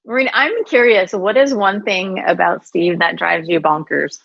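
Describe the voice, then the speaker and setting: A woman co-hosting a podcast who puts questions to her guest and makes quick, lively asides. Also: lowish voice, creaky, no echo. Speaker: podcast co-host. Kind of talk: casual interview chat. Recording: dull lo-fi remote audio.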